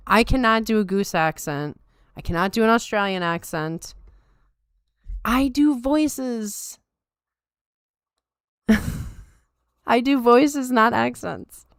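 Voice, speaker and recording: A tired woman hosts a podcast, chatting casually with her live chat in a wry, self-deprecating way. Her medium-pitched voice is clear and resonant, recorded with clean studio sound and no room sound.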